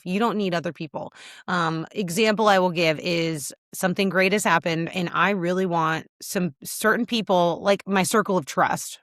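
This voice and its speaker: A podcast host records a casual solo video check-in, speaking candidly and loosely with plenty of fillers and getting a little teary. Her voice is fairly low and a bit bright. The audio is clean studio sound with no echo.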